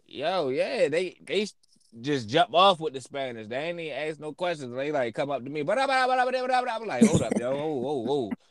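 A man's voice: a little high, normal speed. A man co-hosting a podcast, telling loose, profane stories in casual chat. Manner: loose, profane, animated storytelling. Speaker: podcast co-host.

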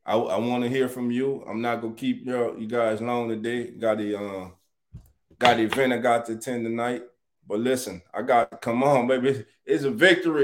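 A man hosting a casual live sports chat, animated and greeting viewers by name. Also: medium pitch, moderate pace. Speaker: sports talk show host.

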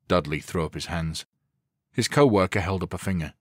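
A man narrating an action thriller audiobook in a steady, deliberate way. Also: low-pitched, dry recording, studio quality. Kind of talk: scripted narration.

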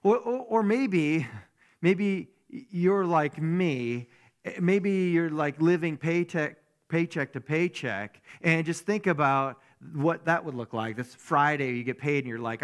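A man's voice: fairly high pitch, slow. A man giving a conversational sermon as a pastor, who keeps asking his listeners rhetorical questions.

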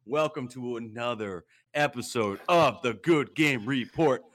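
A man's voice: medium pitch, unhurried, fairly bright tone. A man hosting a gaming podcast, talking hype and slangy and often repeating himself. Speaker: podcast host. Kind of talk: energetic gaming podcast intro.

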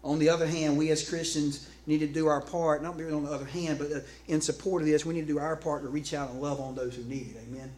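A man preaching a sermon in an animated, conversational way, often restarting phrases and calling out to his congregation. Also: fairly high pitch, fast, hardly any pauses. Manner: calls out to the congregation. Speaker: pastor. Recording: echoey room with faint background noise.

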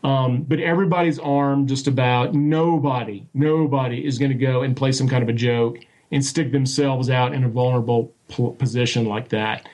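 A man telling a story as an interview guest, animated and full of restarts and acted-out quotes. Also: medium pitch, normal speed. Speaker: guest recounting a sighting. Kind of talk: casual storytelling.

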